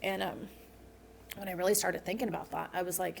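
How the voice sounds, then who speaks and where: Woman with a low gravelly voice. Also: fairly even intonation, brisk. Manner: earnest, personal storytelling. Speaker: podcast guest. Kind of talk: candid interview conversation. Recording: faint background noise.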